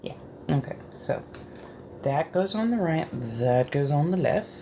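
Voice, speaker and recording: A woman with a notably low voice talks in a soft-spoken ASMR manner. She rambles casually and chattily from one thought to the next. A faint hum of room ambience sits behind her. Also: animated, measured pace, vocal fry. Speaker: ASMR creator.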